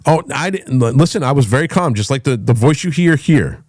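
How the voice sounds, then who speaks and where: A middle-aged man hosting a talk show, ranting with loud, profane, emphatic delivery and a voice that swings up and down. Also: medium pitch, animated, a little fast, dry recording, studio quality. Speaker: podcast host.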